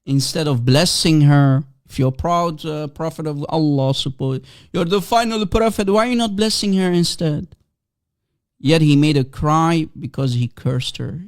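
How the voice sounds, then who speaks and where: A man's voice: fairly high pitch, unhurried, creaky. A man hosting a livestream, delivering a combative monologue full of mocking, taunting rhetorical questions. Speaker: livestream host.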